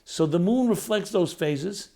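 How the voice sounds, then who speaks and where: Higher-voiced rabbi musing in short phrases. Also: male voice, animated, a little slow, creaky, warm tone. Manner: reflective, builds lists of short phrases, rises and falls in emphasis. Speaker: rabbi, lecturer. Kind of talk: spiritual talk.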